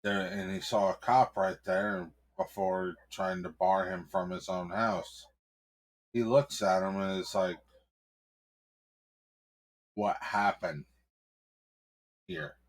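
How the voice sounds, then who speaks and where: A man telling an improvised story in a casual, halting way, with many ums and restarts. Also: sits low, flat delivery. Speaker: streamer and storyteller.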